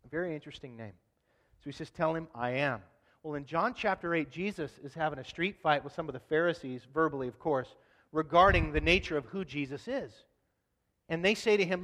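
A man's voice: fairly high pitch, fairly quick. Man preaching in a reverberant hall. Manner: conversational, humorous, animated asides. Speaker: pastor. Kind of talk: sermon.

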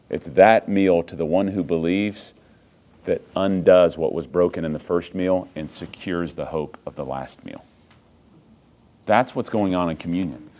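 A pastor with a very low voice delivers a sermon. He drops to a quiet hush, then climbs into loud, emphatic preaching and throws rhetorical questions at his congregation. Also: normal speed.

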